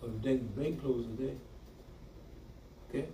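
A man's voice: mid-range voice, normal speed, dark tone. A man preaching a sermon, talking back and forth with the congregation and laughing often. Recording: echoey room from far off, noisy.

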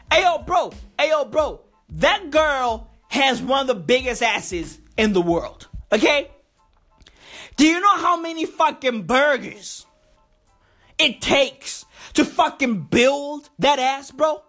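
A high-pitched woman delivers a profane comedic rant, slow and deliberate, leaning on slang tags and mock-serious emphasis. Faint music plays underneath. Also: expressive, a bit bright.

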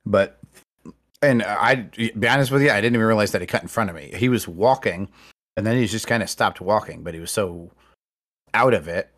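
A man in casual podcast chat, telling stories in an animated, profane way. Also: lowish voice, fairly quick.

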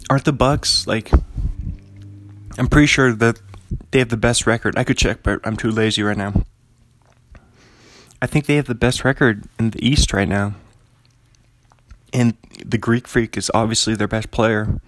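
A man's voice: fairly low pitch, moderate pace, pauses often, fairly bright tone, no room sound. A man hosting a casual solo podcast from his apartment, rambling in a laid-back way with lots of fillers. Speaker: podcast host. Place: home apartment.

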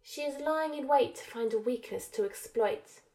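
A woman voicing a menacing male dark lord who gives measured, hissing commands. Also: fairly high pitch, close to an everyday voice. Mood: cold.

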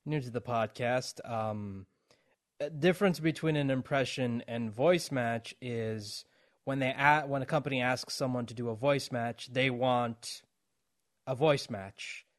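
A man's voice: medium pitch, a little slow. A man hosting a podcast in a casual, chatty way, explaining things for listeners. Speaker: podcast host.

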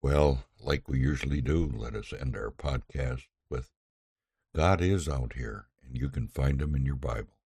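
A man hosting a podcast Bible lesson, explaining scripture in a folksy, halting way with many pauses. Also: rumbling low, a little mellow, husky, dry recording, studio quality.

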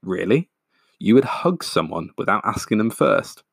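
A man's voice: on the low side, big pitch swings, normal speed, gravelly, husky, no echo, studio quality, full character voice. A man voicing an eager, overly earnest middle-aged dad who talks in an effusive, apologetic way.

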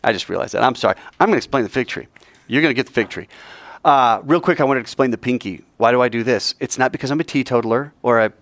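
A man's voice: mid-range voice, quick pace, fairly bright tone, dry recording. A man teaching a Bible class, joking and playful with his students.

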